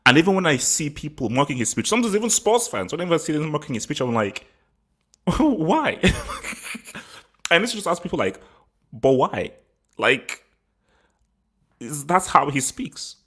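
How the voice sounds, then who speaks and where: A man's voice: a little high, very animated, moderate pace, pauses often, bright, forceful tone, husky. A man from England hosting a football channel, giving his opinion in a rambling, casual vlog with frequent laughs and repeated words.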